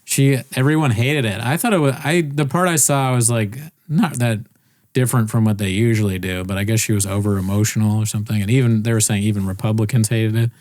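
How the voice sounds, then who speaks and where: A man's voice: fairly low pitch, quick pace, a little mellow, no echo, clean studio sound. A man co-hosting a podcast in casual chat, jokey and laughing often. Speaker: podcast co-host.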